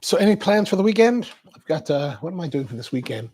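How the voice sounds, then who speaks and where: A man's voice: a little high, big pitch swings, fast talker, a little mellow, slightly rough. A man hosting a coffee livestream, chatting casually and rambling while he answers viewer comments.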